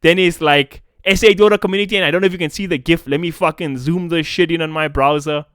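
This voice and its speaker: A man's voice: fairly high pitch, fairly even intonation, fast, a bit bright, smooth, dry recording, clean studio sound. A young South African man with a South African accent, ranting in a profane, casual-slang commentary vlog. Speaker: esports commentator.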